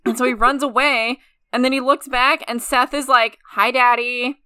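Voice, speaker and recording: A woman's voice: high voice, fairly even intonation, moderate pace, bright, forceful tone, clear, resonant tone. A woman co-hosting a podcast, retelling scenes in a profane, mocking, casual way. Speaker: podcast co-host. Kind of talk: casual chat.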